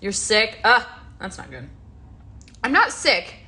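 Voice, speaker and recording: A woman's voice: medium pitch, sing-song, slow pace, pushed and bright. Chatty stuffy-nosed woman with a twang. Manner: chatty, rambling, reads viewer comments aloud. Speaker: livestream host. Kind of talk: casual livestream chat.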